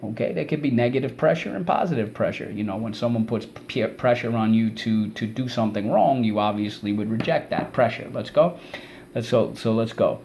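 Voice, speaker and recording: Mellow-voiced man teaching vocabulary. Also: mid-range voice, fairly quick, creaky, slight background noise. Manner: energetic, repeats words and syllables for students. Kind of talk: online vocabulary lesson for kids.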